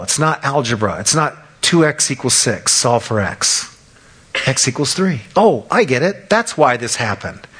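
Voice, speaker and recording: Animated, bright-voiced preacher in his fifties. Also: on the high side. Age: 50s. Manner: animated storytelling, acting out quotes. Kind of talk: sermon.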